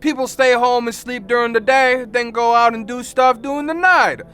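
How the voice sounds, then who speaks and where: A man's voice: very high-pitched, fairly even intonation, moderate pace, pushed and bright, smooth, faint music behind. A man voicing a scared little girl in a game, timid and pleading, in a put-on Texan drawl. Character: scared little girl looking for her dad. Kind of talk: game dialogue read aloud.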